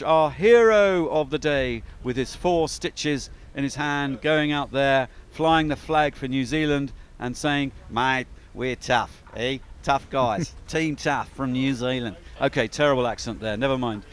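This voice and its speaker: A man's voice: a little high, clean tone. A man giving chatty, upbeat live commentary on a sailing race, with frequent fillers.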